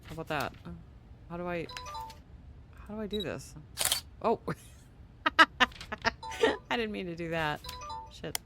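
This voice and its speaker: A gaming channel host playing a game, reading on-screen tutorial text aloud with quick casual asides, sleepy and yawning. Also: mid-range voice, over music. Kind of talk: casual let's play commentary.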